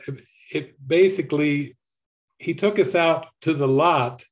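Animated spiritual teacher telling a story. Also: male voice, a little high. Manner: animated, laughing often. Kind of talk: storytelling talk.

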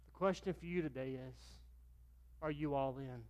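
A man's voice: fairly high pitch, normal speed, darkish tone, dull audio. A middle-aged man, a pastor preaching a sermon and telling stories, acting out the dialogue in them. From Virginia, US. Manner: storytelling, acts out dialogue with raised voice.

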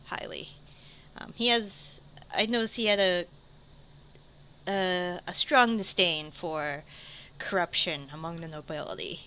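A woman voicing an earnest young mage companion who speaks softly and haltingly. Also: lowish voice, clear, resonant tone.

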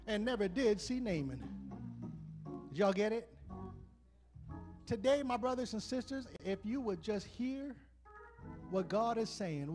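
A man preaching a sermon, swinging from loud exhortation to a soft altar call and prayer in a church. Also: high-pitched. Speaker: pastor. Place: church sanctuary. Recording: live church stream with faint music.

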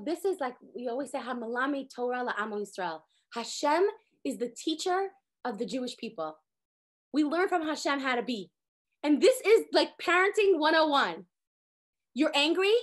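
A woman in her thirties teaching a lively Torah class, acting out quotes with sudden jumps in pitch. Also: normal speed. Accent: sprinkles Hebrew words. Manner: animated, acts out quotes with big pitch jumps.

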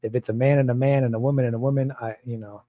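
A man's voice: medium pitch, fairly even intonation, racing, phone-quality sound. A man who is a pastor, talking in a blunt, provocative, rambling way with many repeats during a casual Bible study.

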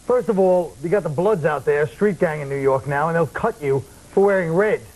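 A man's voice: on the high side, moderate pace, rough recording. Wry, riffing male comedian. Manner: wry deadpan riffing, mock-serious asides. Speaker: comedian guest. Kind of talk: talk show banter. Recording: old broadcast tape with faint hiss.

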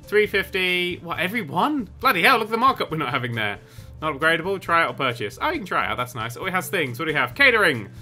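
A man doing let's play commentary, excitable and sweary, wandering into rambling asides. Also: sits high, fast talker, few pauses, soft background music. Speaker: gaming YouTuber.

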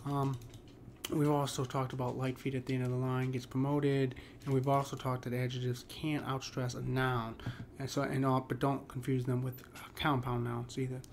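A man explains poetic meter in an even, level voice that barely rises or falls. He talks casually, pausing on ums and correcting himself mid-phrase. A faint hiss of noise sits under the recording. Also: medium pitch, vocal fry. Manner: halting, many ums and restarts. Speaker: poetry teacher.

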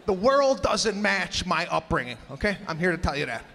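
A man doing a stand-up comedy set, animated, acting out his family and rising to shouts. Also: high-pitched, normal speed, in a large hall. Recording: live club with audience and room noise. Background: audience laughter.

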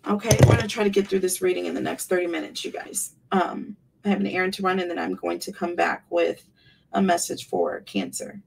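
Woman, tarot reader, gravelly, emphatic, repeats words, slightly distant mic. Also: on the low side, fairly even intonation, brisk, slight background noise. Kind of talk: tarot reading monologue.

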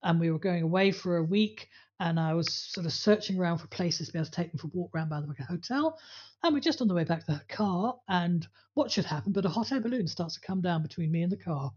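A woman's voice: lowish voice, lively intonation, fast talker, a little mellow, slightly rough, highs cut off. A woman co-hosting a podcast about dog training, talking casually and telling anecdotes with acted-out voices. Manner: storytelling, acts out voices in anecdotes.

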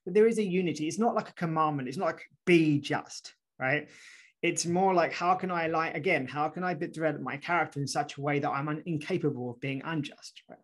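A guest author being interviewed explains his ideas in an animated, conversational way, with a fairly high pitch and a brisk pace. He restarts frequently and drops in "right?" asides.

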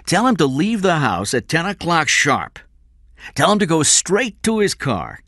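A man's voice: a little high, wildly swooping pitch, measured pace, fairly bright tone, no room sound, clean studio sound, pitched above the performer's own voice, heavily acted. A man reading aloud and voicing a hard-nosed male kidnapper who gives orders in a bossy, sarcastic way. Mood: commanding.

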